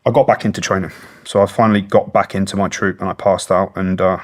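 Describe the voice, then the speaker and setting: A British man in his thirties speaks as an interview guest, telling his story with a low voice. He is earnest and plain-spoken and swears freely as he talks. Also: fairly even intonation, fast. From Britain. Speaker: guest, former special forces soldier. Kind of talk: long-form interview storytelling.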